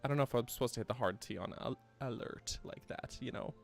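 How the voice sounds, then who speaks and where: A man's voice: medium pitch, fast, vocal fry, over music. A man from Canada chatting casually while streaming a video game, laughing often and answering chat.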